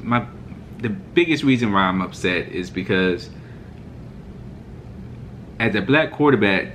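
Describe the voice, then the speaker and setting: Low-voiced man ranting heatedly. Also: fairly bright tone, a little hiss or hum. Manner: mocking, fired-up ranting. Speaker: sports reaction vlogger. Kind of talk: heated reaction rant.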